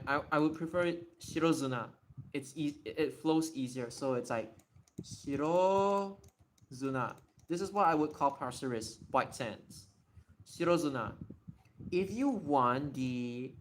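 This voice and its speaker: A man hosts a livestream Q&A explaining Japanese readings in a casual way, testing words by repeating and restarting them as he thinks aloud. His voice is a little high and a bit bright, with a little hiss or hum.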